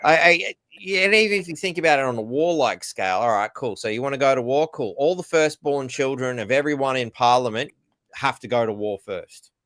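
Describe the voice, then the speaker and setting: Aussie bloke ranting bluntly, swears a lot, dry close sound. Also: male voice, mid-range voice, brisk, fairly bright tone, no echo. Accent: Australian. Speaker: podcast co-host. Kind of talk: casual podcast chat.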